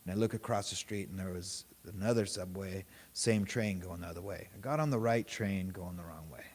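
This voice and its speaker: A man leading a meditation group, telling a story in a relaxed, casual way, swearing freely and laughing often. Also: deep voice, a little fast. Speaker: meditation teacher. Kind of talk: casual dharma talk.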